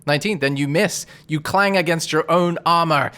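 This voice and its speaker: A man's voice: a little high, moderate pace, bright, forceful tone, clean tone. A man running a tabletop game as game master, narrating combat in a casual, rambling way with many fillers.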